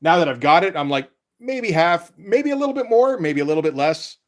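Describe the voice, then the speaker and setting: A man's voice: fairly high pitch, big pitch swings, fairly quick. A man chatting casually on a live stream as a comic artist, rambling and laid-back, with casual swearing.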